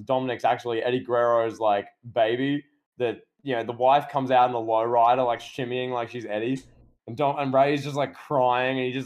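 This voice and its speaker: A man co-hosting a podcast in casual chat, excitable and riffing with plenty of "like". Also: mid-range voice. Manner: excitable, riffs with lots of "like" and laughter. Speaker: podcast co-host.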